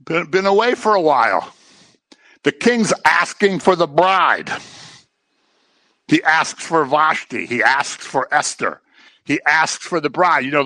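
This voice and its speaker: A man preaching a sermon in a conversational way, with joking asides and animated delivery. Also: mid-range voice, no echo.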